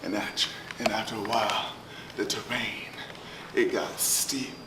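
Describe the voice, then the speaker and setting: A man performing spoken word poetry, rhythmic and chanting, with swings from loud to hushed. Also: on the low side, little pitch movement, a little slow. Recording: roomy, distant live recording with noise.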